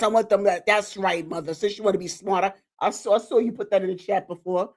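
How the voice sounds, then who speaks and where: Animated woman chatting with her viewers. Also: medium pitch, fast talker, few pauses. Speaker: YouTube content creator celebrating her channel anniversary. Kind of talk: live-stream chat with viewers.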